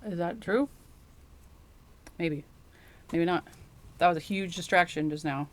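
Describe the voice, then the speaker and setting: A woman's voice: on the low side, unhurried. A woman giving a casual, rambling tarot reading that speaks straight to the viewer. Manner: rambling, chatty, addresses the viewer directly. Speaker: tarot reader.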